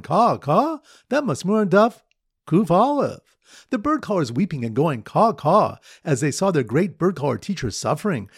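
A man giving a Talmud lesson, telling playful memory-aid stories in a lively storytelling way, with Hebrew and Aramaic terms. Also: fairly high pitch, breathy edge, no echo, clean studio sound. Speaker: Talmud teacher.

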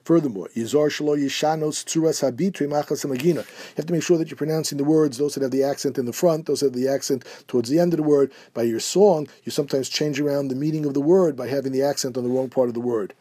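A man teaching a halachic lesson, explaining Hebrew quotes in a steady way. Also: medium pitch, quick pace. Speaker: Torah teacher. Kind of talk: halachic lecture.

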